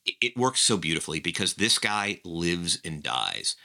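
A man with a low voice co-hosts a podcast in loose, animated chat. His tone is strikingly bright and sharp. He strings his thoughts together with frequent "like"s. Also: moderate pace, vocal fry. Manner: animated, peppered with "like". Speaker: podcast co-host. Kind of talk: casual recap chat.

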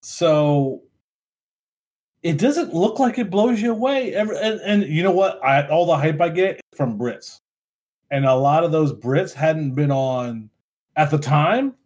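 Animated, laughing podcast co-host man. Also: a little high, a little slow. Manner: animated, laughs often, trails off with ums. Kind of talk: casual drinking chat.

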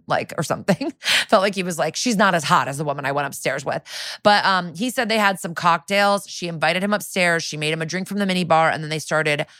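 Woman podcast co-host, lowish pitch, dry close sound, chatty and sarcastic, mimics characters. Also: a bit bright, dry recording. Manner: chatty, sarcastic, acts out quotes in funny voices. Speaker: podcast co-host recapping a TV episode. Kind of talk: casual chat.

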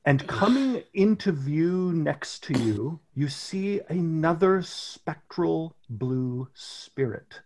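A man running a tabletop role-playing session, narrating scenes slowly and deliberately. His voice has a husky, slightly breathy edge, and he lets every detail land. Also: fairly high pitch, expressive, a little mellow. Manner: slow, deliberate scene-setting. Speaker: game master.

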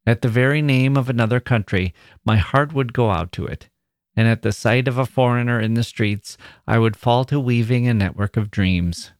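A man, a podcast host, reading a classic short story aloud in a measured storytelling manner. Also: medium pitch, dry recording, clean studio sound. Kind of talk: literary reading.

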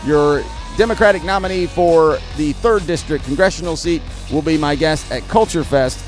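A man's voice: a little high, normal speed, faint music behind. A man hosting a podcast, ranting bluntly and with exasperation about politics, recorded at an outdoor market. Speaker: podcast host. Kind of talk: opinionated political rant.

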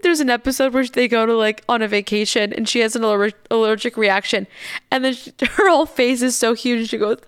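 A woman's voice: fairly high pitch, fairly quick, smooth, no room sound, clean studio sound. A young woman telling a candid story in a casual, chatty way, swearing and laughing as she goes.

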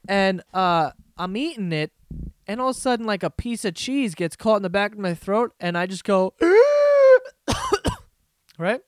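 Young male podcast host, loose profane storyteller, slightly high voice, dry mic. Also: moderate pace, smooth, no room sound. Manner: profane, rambling storyteller with frequent laughs. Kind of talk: casual solo comedy podcast rant.

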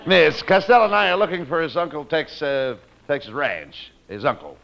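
A man playing the straight man in a comedy sketch, talking briskly and bossily. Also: fairly high pitch, animated, gravelly. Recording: muffled old recording with loud hiss.

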